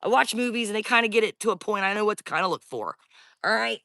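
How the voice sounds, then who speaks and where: A woman's voice: mid-range voice, expressive, fast talker, vocal fry, sharp tone, no room sound, clean studio sound. A woman telling her own spooky experience in a casual, rambling way, talking straight to her viewers. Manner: chatty, rambling, addresses viewers directly. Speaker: storyteller. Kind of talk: casual first-person storytelling.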